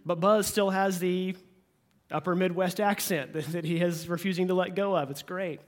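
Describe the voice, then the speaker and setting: A pastor from Oklahoma with a light Oklahoma accent, giving a sermon in a folksy, joking way. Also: male voice, sits high, fairly even intonation, normal speed. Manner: folksy and joking, with playful asides.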